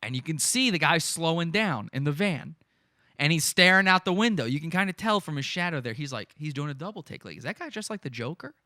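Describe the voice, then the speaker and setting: A man with a bright, forceful voice that sits a little high for a man hosts a podcast. He gives gleeful, mocking play-by-play of stream footage and often laughs. The sound is dry and close. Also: lively intonation, brisk, no echo. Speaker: podcast host. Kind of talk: live commentary on stream footage.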